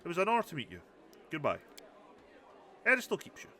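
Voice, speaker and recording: Brief: man reading a calm, courteous game priest, lively bright delivery. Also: a little high, brisk, voice pushed up, heavily acted. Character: humble older male high priest.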